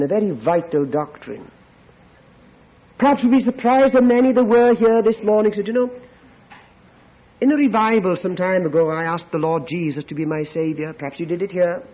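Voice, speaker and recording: Animated high-voiced male preacher, lo-fi recording. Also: moderate pace. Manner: animated, shifts between hushed and loud with repeated exhortations. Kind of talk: sermon. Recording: dull lo-fi sermon recording.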